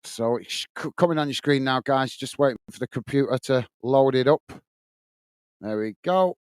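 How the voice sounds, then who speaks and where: A man's voice: mid-range voice, moderate pace, darkish tone, smooth, dry recording. A man hosting a live football watch-along from home, chatting earnestly with viewers and calling the play with many fillers and restarts. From England. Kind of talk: live match commentary and chat. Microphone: headset earpiece.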